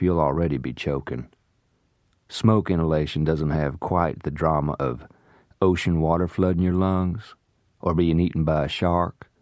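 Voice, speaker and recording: A man's voice: very deep voice, a little mellow, no echo, clean studio sound. A man reading aloud voices a vengeful man who taunts his captive in a mocking drawl.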